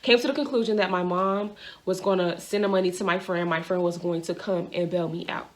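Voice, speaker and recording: A woman's voice: fairly low pitch, steady tone, fairly quick. A young adult woman vlogger telling a storytime monologue, rambling and repeating herself with lots of filler words.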